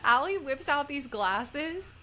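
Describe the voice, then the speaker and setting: A woman co-hosting a podcast, chatting casually and chiming in with quick reactions. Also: sits high, lively intonation, bright, forceful tone, slight background noise. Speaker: podcast co-host. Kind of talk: casual chat.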